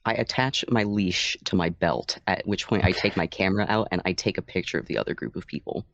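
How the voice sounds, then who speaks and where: A man playing a tabletop game, dry and deadpan in his delivery. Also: sits low, a little fast, creaky, no echo, lo-fi sound. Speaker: player. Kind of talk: tabletop role-play.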